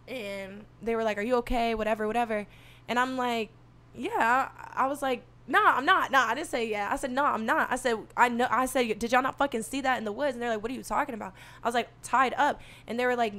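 A soft-spoken young woman telling a story in casual talk, animated and profane, acting out what people said. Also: fairly high pitch. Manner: animated, swearing, acts out quotes.

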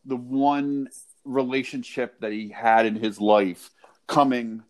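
A man's voice: mid-range voice, little pitch movement, slow, low-quality recording. Hesitant, thoughtful man talking a film over. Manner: hesitant, many restarts and "like"s, thoughtful. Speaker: podcast co-host. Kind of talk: casual movie-discussion chat.

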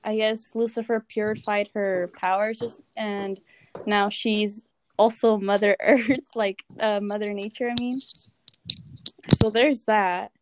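Woman, higher voice, very slow talking, casual and laughing, faint background noise. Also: steady tone. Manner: laughing, swearing, hesitant with fillers. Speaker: podcast guest. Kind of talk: casual chat.

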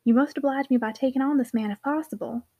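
A woman's voice: high voice, steady tone, fast, dark tone, no room sound. A woman voicing a hard-pressed grown man who speaks earnestly and firmly.

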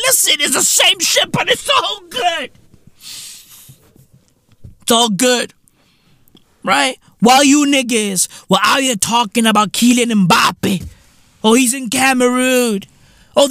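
A man's voice: very high voice, fairly bright tone, no room sound, clean studio sound. A man hosting a comedic solo podcast rant, profane and repetitive, full of "bruv" and "you feel me". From South Africa. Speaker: podcast host.

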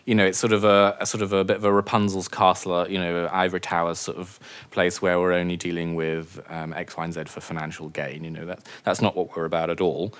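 A wine auctioneer chats as an interview guest in a low, resonant voice with little pitch movement, talking fast and clearly. It's casual interview talk, and he's jokey and self-mocking, laughing often at himself.

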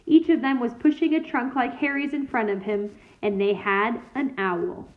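A woman reading a children's novel aloud in a steady, clear storytelling manner. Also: a little high, moderate pace. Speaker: reader. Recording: tinny phone-like sound.

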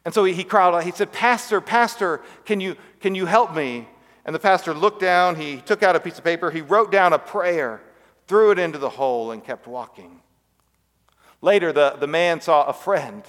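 A male pastor delivers a sermon in a slightly high voice, shaping it as a story. He lets his voice fall to a soft hush on the words that matter most. His voice trails off into a long reverb that fills the church sanctuary. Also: normal speed.

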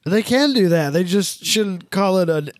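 Brief: man, raised pitch, excitable podcast co-host, dry close sound. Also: a little slow, dry recording. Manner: excitable, swears and laughs often. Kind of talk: casual chat.

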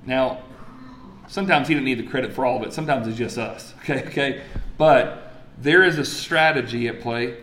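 A man preaching a sermon, telling stories with lively energy and dropping to quiet emphasis. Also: medium pitch, reverberant. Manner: animated storytelling, swings from loud excitement to quiet emphasis. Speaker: pastor. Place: church sanctuary.

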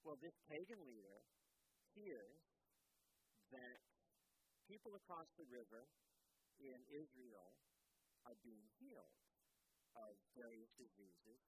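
A man preaching, retelling a Bible story in an animated, conversational way and asking his audience questions. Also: mid-range voice, takes it slowly, long pauses, a little hiss or hum, low-quality recording. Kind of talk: storytelling sermon.

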